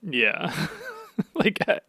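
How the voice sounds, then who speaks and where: A man co-hosting a podcast, reacting with laughs and animated banter while recapping episodes. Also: drawn-out words, no echo. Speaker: podcast co-host. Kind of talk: casual chat recapping episodes.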